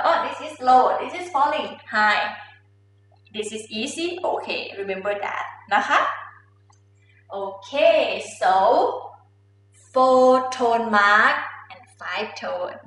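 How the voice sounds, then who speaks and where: Bright-voiced Thai woman teaching slowly. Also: a little high, heavy reverb, distant mic, slight background noise, rough recording. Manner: patient, drills words for repetition. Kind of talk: slow step-by-step language lesson.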